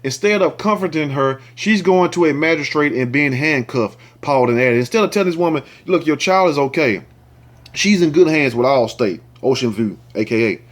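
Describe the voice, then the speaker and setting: A man's voice: on the high side, expressive, moderate pace. A man hosting a commentary show, reading a news story aloud and breaking in with angry, cursing remarks aimed straight at his viewers. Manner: indignant, ranting, swears freely; talks straight to viewers, asks for likes and shares.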